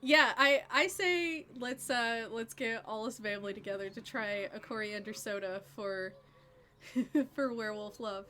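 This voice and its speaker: A woman streamer reading a story game aloud and chatting with viewers in a lively way, laughing between passages. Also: a little high, unhurried.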